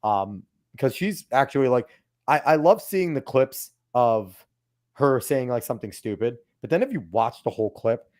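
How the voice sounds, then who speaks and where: A man's voice: medium pitch, moderate pace, no echo, studio quality. A man co-hosting a podcast, chatting casually and profanely about politics. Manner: animated, profane, swinging loud and soft. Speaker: podcast co-host.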